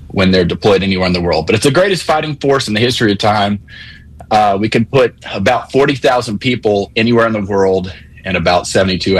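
A man calling in to a sports talk radio show, explaining things in a measured, methodical way. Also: lowish voice, husky, poor audio. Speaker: caller.

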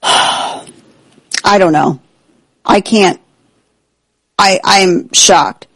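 A woman hosts a political talk show with indignant, sarcastic energy. Her voice sits at an ordinary middle pitch. The sound is dry and close, with no room around it. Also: drawn-out words, fairly bright tone, slightly rough, no room sound, rough recording. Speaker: political commentary host. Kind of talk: opinionated talk show commentary.

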